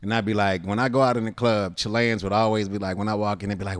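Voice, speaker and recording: Animated American man telling stories. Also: on the low side, fast. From United States. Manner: animated storyteller, swears, acts out voices. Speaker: podcast guest, comedian and actor. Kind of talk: casual interview chat.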